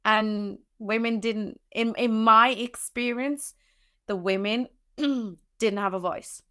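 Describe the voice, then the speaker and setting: A woman's voice: a little high, steady tone, takes it slowly, fairly bright tone. A young adult woman, a podcast guest, tells a personal story in an emotional way, teary at times, with many restarts and fillers.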